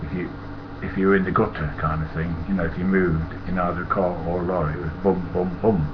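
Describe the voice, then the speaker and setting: A man's voice: deep voice, flat delivery, fairly quick. An older man with a Nottingham accent, telling casual, rambling anecdotes, chuckling and swearing freely. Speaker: storyteller. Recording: muffled lo-fi with loud hiss.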